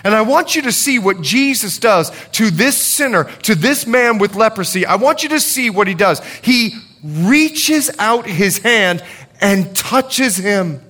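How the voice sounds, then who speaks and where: A male pastor preaching a sermon, swinging from loud urgency to hushed confession. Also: high-pitched, expressive, a little slow.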